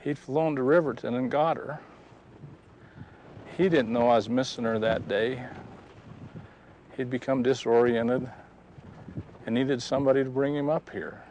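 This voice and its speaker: A man telling a personal story in a folksy, animated way, recorded outdoors. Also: medium pitch, highs cut off, slight background noise. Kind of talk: personal testimony told outdoors.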